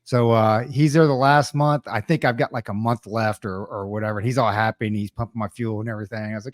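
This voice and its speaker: A man's voice: fairly low pitch, racing, few pauses, no room sound, clean studio sound. A man hosting a podcast, telling a story casually and acting out the voices of the people in it. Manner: storytelling, animated quoting of others. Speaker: podcast host. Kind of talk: casual chat.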